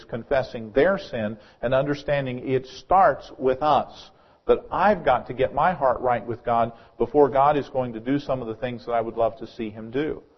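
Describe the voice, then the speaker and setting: A man's voice: medium pitch, highs cut off. A male pastor preaching a sermon in a church, earnest, often repeating words as he starts a phrase.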